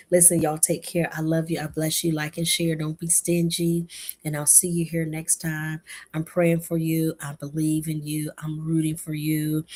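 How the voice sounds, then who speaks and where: Devotional host: woman from Florida, low and husky, speaks in casual, lively bursts and repeats key lines. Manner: animated, repeats short phrases, laughs often. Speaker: host of a short devotional show.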